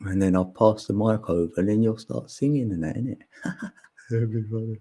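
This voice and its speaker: A man hosts a live stream in loose, slangy chat, laughing easily. His low voice is gravelly and husky, and he takes his time. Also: lively intonation, fairly quick, warm tone. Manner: laid-back, laughs often, chatty slang. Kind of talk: casual chat. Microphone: phone.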